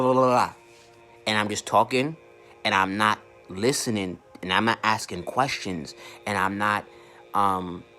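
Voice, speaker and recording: A man's voice: on the low side, pushed and bright. A man working as an online marketing coach, ranting casually to camera in a blunt, profane way and tripping over repeated words.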